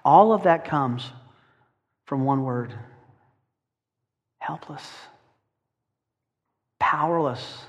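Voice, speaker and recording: Guy preaching, kinda high voice, long echo like a big church hall. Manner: preaching with dramatic slowdowns. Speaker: pastor. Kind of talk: sermon.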